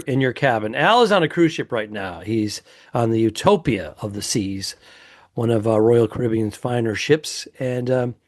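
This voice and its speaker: A middle-aged man, a stand-up comedian co-hosting a podcast, trading teasing and boastful banter with deadpan jabs. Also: mid-range voice, no echo, clean studio sound. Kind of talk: casual comedic chat.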